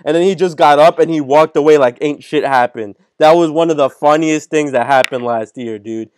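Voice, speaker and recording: A teenage man, a podcast co-host, excitedly telling a funny story on an online group call, swearing and laughing as he goes. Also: fairly high pitch, normal speed, clean tone, dry recording, clean studio sound. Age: teens. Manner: animated, swearing, laughing at his own story. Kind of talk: casual storytelling.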